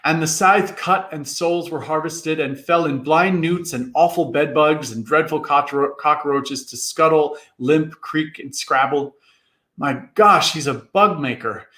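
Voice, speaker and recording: In an echoey room, a man delivers a classic novel as a dramatic performance, speaking at a measured pace in a sharp tone. He narrates theatrically and jumps between characters with big changes in pitch.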